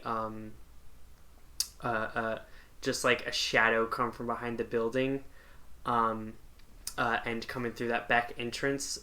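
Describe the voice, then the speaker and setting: A man's voice: mid-range voice, bright, forceful tone. A man narrating a tabletop game as game master, hesitant and full of fillers.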